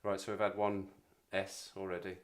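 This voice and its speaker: A man's voice: deep voice, monotone, normal speed, slight background noise. A man in his forties hosting a casual livestream chat, rambling and self-deprecating as he talks to viewers. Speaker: livestream host.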